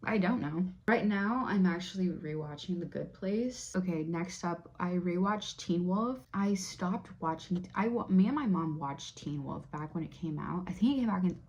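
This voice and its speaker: A woman's voice: fairly low pitch, lively intonation, moderate pace, few pauses, a little mellow, lo-fi sound. A young woman vlogger rambling through her year in a casual, chatty way, swearing freely. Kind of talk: casual year-in-review chat.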